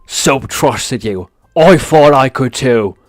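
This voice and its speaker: A man voicing a girl character from a game in an exaggerated mock British accent, slow and loud. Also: mid-range voice, expressive, no room sound. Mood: dramatic.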